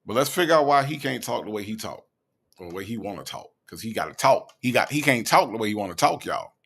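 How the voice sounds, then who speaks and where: Gravelly man doing mocking commentary. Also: lowish voice, expressive, a bit bright. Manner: mocking, sarcastic, drawn-out delivery. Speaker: commentary host. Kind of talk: casual reaction commentary.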